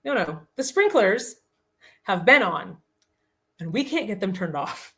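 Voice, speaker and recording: A woman guest on a podcast, telling a funny story in casual chat with lots of laughter and quick asides. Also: medium pitch, very animated, a bit bright.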